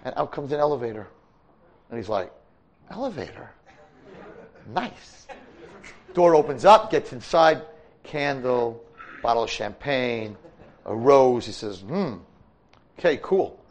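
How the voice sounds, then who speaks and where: An older man, a rabbi and teacher, giving a storytelling sermon in a yeshiva study hall, animated and breaking into shouts. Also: mid-range voice, moderate pace.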